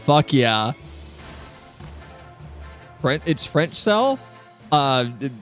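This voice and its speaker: A man's voice: mid-range voice, big pitch swings, slow, long pauses, a bit bright, soft background music. A man streaming a game, reacting casually, joking, laughing and swearing.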